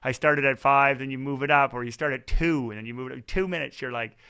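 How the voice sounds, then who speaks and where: A male podcast host talks over a video call in a bright, forward voice. He chats casually and tells animated, self-deprecating stories, sometimes acting out his own inner voice. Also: mid-range voice, fast talker, few pauses. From Canada.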